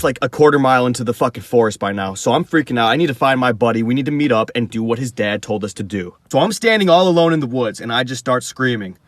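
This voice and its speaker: A young man with a very lively, swinging pitch tells a casual storytime and swears as he goes. The sound is dry, with no room echo.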